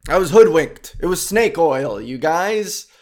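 A man's voice: fairly high pitch, lively intonation, measured pace, a little mellow. A man hosting a comedic solo podcast, rambling and self-mocking, and easily sidetracked, speaking close to his microphone. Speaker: podcast host.

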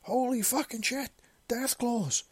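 A man voicing a panicky, battle-worn wasteland drifter who yells and stammers through a helmet modulator. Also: on the high side, moderate pace, no echo, pitched above the performer's own voice. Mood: panicked yelling. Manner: frantic yelling, stammering.

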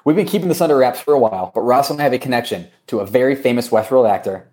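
A man co-hosting a casual podcast, joking around while he reads reviews and runs through shout-outs and giveaways. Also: medium pitch, rapid-fire. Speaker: podcast co-host. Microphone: remote recording.

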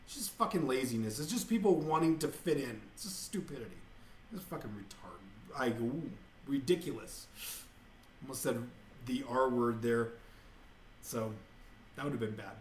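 Podcast guy ranting and cussing at home, kinda high voice, roomy echo. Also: lively intonation, a little slow. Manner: profane, exasperated ranting. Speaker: podcast host. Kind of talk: casual ranting monologue. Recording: echoey room.

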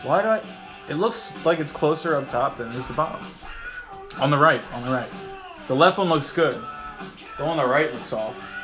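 A man's voice: on the high side, animated, normal speed, long pauses. A young man in a loose, jokey chat at home, cursing easily and riffing on silly ideas. Music plays behind him. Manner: laid-back, swears freely, jokey. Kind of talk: casual chat. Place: a house.

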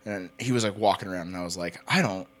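A podcast co-host in his twenties tells rambling stories during casual chat, swearing and laughing often. His voice is low-pitched and a bit bright, and he talks fast.

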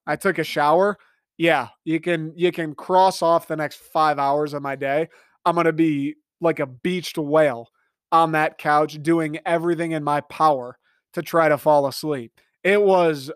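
A young man hosting a solo podcast, telling a story in a loose, profane, animated way and acting out his own thoughts in mock dialogue. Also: a little high, moderate pace, clean tone, no room sound, clean studio sound. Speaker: podcast host. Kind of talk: casual solo monologue.

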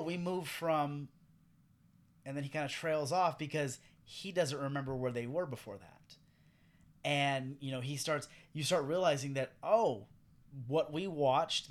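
A man co-hosting a casual podcast chat. His voice sits a little high for a man, and he talks with animated energy. He swears freely and acts out what other people said. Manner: animated, profane, acts out quotes. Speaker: podcast co-host. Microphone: headphones and studio mic.

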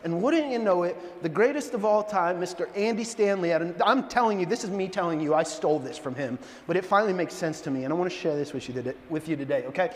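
A middle-aged pastor preaching a sermon, animated and joking, telling stories in a church. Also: male voice, high-pitched, quick pace, hardly any pauses. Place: church sanctuary. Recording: long church hall reverb.

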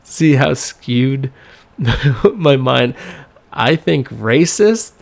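A man's voice: medium pitch, expressive, extremely slow, gravelly. A man hosting a solo podcast, talking casually in a rambling way with many fillers and some swearing. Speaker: podcast host.

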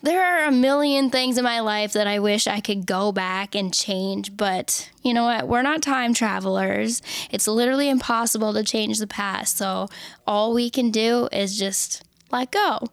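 Chatty young woman, bright voice, dry sound. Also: a little high, a little slow, clear, resonant tone, no room sound. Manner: chatty and candid, swears, laughs often. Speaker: podcast host. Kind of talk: casual self-help podcast chat.

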